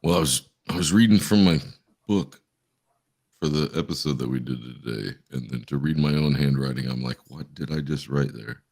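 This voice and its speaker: A man's voice: a bass voice, moderate pace, vocal fry, a little mellow. A man hosting a casual podcast, telling stories in a rambling way, laughing and swearing. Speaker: podcast host. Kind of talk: casual chat.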